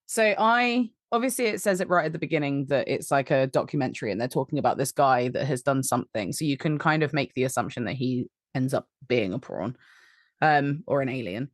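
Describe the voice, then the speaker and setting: A woman's voice: extremely low pitch, animated, a little fast, no room sound, clean studio sound. A woman guesting on a film podcast, bubbly and giggly, hesitating as she recalls things. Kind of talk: casual film podcast chat.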